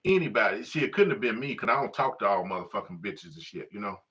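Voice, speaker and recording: A man's voice: on the low side, lively intonation, quick pace, a bit bright. A man hosting a casual livestream, talking in a profane, rambling way full of fillers and asides to viewers. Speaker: livestream host. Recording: distant lo-fi livestream audio.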